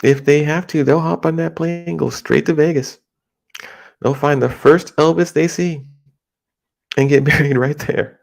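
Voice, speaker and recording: A middle-aged American man talking casually in a rambling, halting monologue with many restarts. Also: a little high, steady tone, gravelly. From United States.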